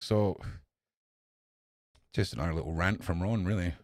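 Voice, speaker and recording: A man hosting a podcast, reading headlines aloud and ranting at them, swearing often and swinging from low mutters to shouts. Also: moderate pace, no room sound, clean studio sound. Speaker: podcast host reading news. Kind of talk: ranting news commentary.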